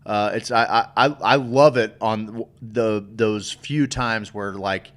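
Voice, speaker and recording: A young adult man co-hosting a casual chat show, reflective and halting, with restarts and the odd casual swear. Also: lowish voice, fairly even intonation, a bit bright. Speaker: podcast co-host.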